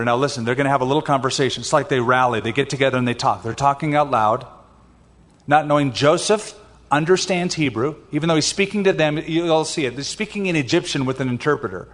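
A man's voice: medium pitch, fast. A male pastor preaching an expository sermon, reading scripture aloud and then explaining it in a conversational way. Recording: long hall reverb.

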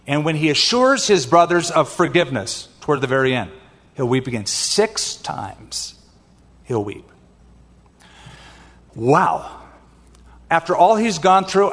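Older male pastor, conversational sermon, slightly high voice, reverberant hall. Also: fairly bright tone. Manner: conversational preaching, personal asides.

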